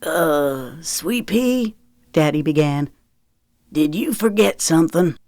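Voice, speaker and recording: A woman voicing a gentle, sheepish older father who speaks in soft, soothing tones. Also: low-pitched, animated, takes it slowly, no echo, exaggerated voice.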